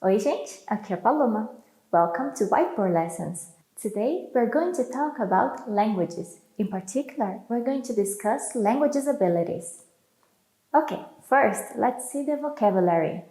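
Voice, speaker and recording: A woman teaching a language lesson, saying each phrase slowly and clearly, then repeating it for learners. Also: a little high, lively intonation, dark tone.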